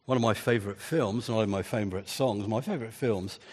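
A man's voice: lowish voice, fast, a little mellow, breathy edge, in a large hall. An older man preaching a sermon in an earnest way, building emphasis through repeated phrases.

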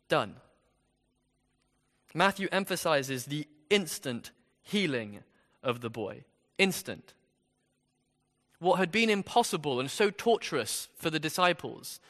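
A man's voice: fairly high pitch, pushed and bright, in a large hall. A man preaching an expository sermon in a conversational way, with rhetorical questions.

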